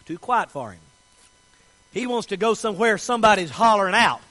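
A man preaching a sermon, his voice sitting unusually high. He talks with passion, dropping to quiet asides and then rising to shouted declarations. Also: lively intonation, fairly quick, long pauses, poor audio. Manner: impassioned, swinging from soft asides to shouted declarations. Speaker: pastor.

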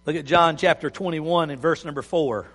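A man's voice: fairly high pitch, moderate pace, fairly bright tone, long reverb tail. A male pastor preaching a sermon, telling the story with acted-out voices and chuckles. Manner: storytelling, acts out scenes, chuckles.

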